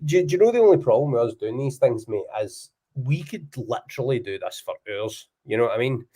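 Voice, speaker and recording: Scottish male podcast host, casual and chatty, mid-pitched, quick asides. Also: lively intonation, mellow, slightly rough. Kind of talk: casual chat.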